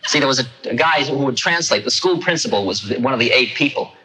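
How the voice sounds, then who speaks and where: A man's voice: mid-range voice, lively intonation, fast talker, pushed and bright, rough recording. A man telling a personal story in a conversational, self-mocking way, with restarts and asides. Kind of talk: storytelling talk.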